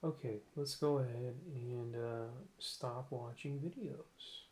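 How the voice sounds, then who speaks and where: A man reacts to videos in a casual, offhand way and drops wry asides. His voice sits at an ordinary medium pitch. A faint hum runs under the recording. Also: fairly even intonation, takes it slowly, a little mellow.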